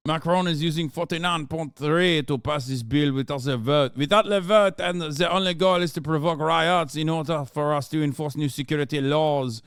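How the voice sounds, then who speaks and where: Man in his 30s, Turkish native, streamer; sarcastic, animated profane commentary, smooth clear tone. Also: a little high, normal speed, hardly any pauses, dry recording, studio quality. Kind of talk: casual livestream reaction commentary.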